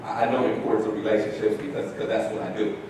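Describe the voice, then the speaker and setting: A man giving a talk to an audience, telling a story in an animated way and acting out the dialogue. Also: very fast. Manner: animated storyteller, shifts loudness, acts out dialogue. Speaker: speaker at an education talk. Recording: echoey hall, distant mic, faint rumble.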